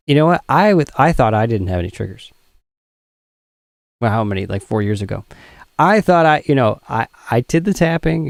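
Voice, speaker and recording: A man with a mid-pitched voice speaks sincerely to a live call, halting and restarting as he goes. He leans on "you know" between thoughts. His sound is dry and close. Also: darkish tone, no echo. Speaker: co-host of an online energy-clearing event. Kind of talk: sincere personal sharing.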